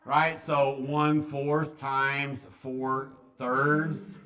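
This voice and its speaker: A man's voice: mid-range voice, little pitch movement, very slow, pushed and bright. A man teaching a math class to students, talking in a joking, offhand way.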